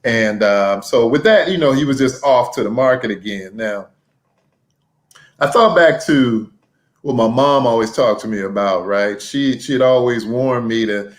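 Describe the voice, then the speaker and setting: A middle-aged man hosts his podcast in an easygoing storytelling monologue. He speaks at an ordinary mid-range pitch for a man and keeps pulling the listener in with little conversational asides. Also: expressive, moderate pace. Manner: conversational, frequent "right?" and "you know" asides. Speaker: podcast host.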